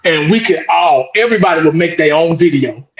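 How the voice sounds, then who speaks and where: High-voiced man ranting, echoey room. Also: fairly quick, muffled recording. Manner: blunt, repetitive, animated ranting with frequent "man". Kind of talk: heated casual sports talk.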